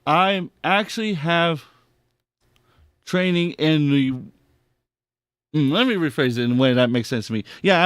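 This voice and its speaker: A man hosting a podcast, reacting to clips in an excitable, heavily profane rant. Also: fairly high pitch, clean tone, no room sound, studio quality. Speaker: podcast host. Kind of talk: casual commentary on clips.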